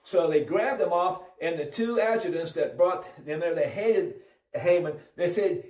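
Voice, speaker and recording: A man telling a Bible story in an informal preaching style, animated and full of restarts. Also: on the high side, normal speed, recorded from a distance. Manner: animated, acts out voices, many restarts. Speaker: religious storyteller. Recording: roomy audio from off-mic.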